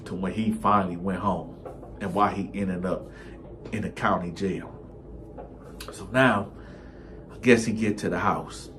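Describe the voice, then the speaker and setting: A man telling a first-person story in a casual, conversational way, animated and restarting his sentences often. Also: low-pitched, slight background noise.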